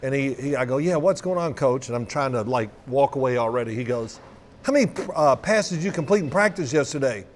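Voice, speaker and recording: A man in his sixties telling stories in a roundtable chat, animated and acting out quotes with laughs. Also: medium pitch, brisk, slight background noise. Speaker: former quarterback.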